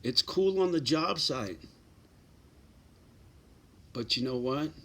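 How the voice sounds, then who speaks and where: A man's voice: mid-range voice, expressive, slow, sharp tone. A middle-aged man giving blunt, profane advice in a casual straight-talking monologue, often tagging lines with "right?" and "you know".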